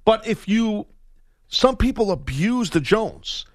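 A man's voice: high-pitched, very animated, takes it slowly, no room sound. Brief: Southern US male radio host, jokey and boastful, dry studio sound. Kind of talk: casual radio banter. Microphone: studio mic.

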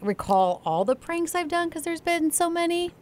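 A woman, co-hosting a morning show and telling lively stories. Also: very high voice, normal speed. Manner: animated storyteller, acts out voices. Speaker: radio show co-host. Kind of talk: casual morning show chat.

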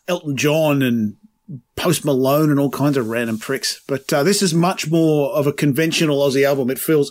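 Sweary British man with Kiwi-tinged vowels. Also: a little high. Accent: British with slight New Zealand vowels. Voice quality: sweary, quick banter. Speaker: podcast co-host. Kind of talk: casual chat.

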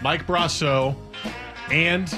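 A man's voice: on the high side, fairly even intonation, drawn-out words, over music. A man co-hosting a sports radio show, talking casually and joking with his colleagues in the studio. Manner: joking, talkative.

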